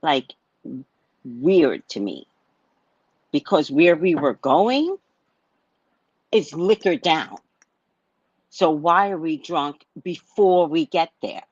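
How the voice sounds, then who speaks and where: Animated, blunt-talking woman storyteller. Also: sits low, slow, pauses often, husky, no echo, lo-fi sound. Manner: animated, blunt, swears freely, acts out heated exchanges. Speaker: psychic reader sharing a personal story. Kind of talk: casual storytelling monologue.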